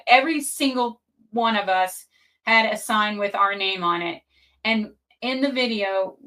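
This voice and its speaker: A middle-aged woman tells a personal story on her podcast in a chatty, animated way, full of asides and feeling. Her voice sits a little high and rings bright and forceful. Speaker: podcast host.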